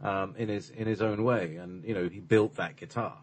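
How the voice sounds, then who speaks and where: A man's voice: fairly low pitch, fairly even intonation, normal speed, slight background noise. A man chatting casually and rambling, full of fillers and restarts. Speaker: channeler and voice performer. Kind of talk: casual conversation.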